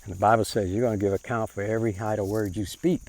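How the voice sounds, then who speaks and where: A man with a fairly low voice delivers a preacher-like monologue on faith and social issues. He speaks plainly with informal grammar, taking his time and circling back to rephrase his points. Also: steady tone, darkish tone. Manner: unhurried, repeats and rephrases himself. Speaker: self-described prophet giving commentary.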